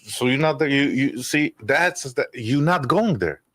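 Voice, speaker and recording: A man's voice: medium pitch, expressive, a little slow, a bit bright, no room sound, clean studio sound. A man, telling emotional personal stories in a candid conversation, rambling and restarting, with swearing. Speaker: podcast guest.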